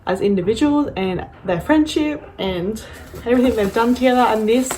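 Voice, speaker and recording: A young woman, gushing and gasping with excitement as she unboxes in a casual vlog, sometimes dropping to breathy whispers. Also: a little high, normal speed, a little hiss or hum. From Australia. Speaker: vlogger.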